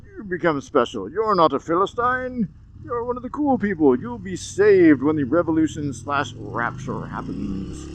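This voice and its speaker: A man hosting a casual comedic monologue while driving, sarcastic and animated, getting worked up. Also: fairly high pitch, normal speed, rough recording. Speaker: host. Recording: road noise from a moving car.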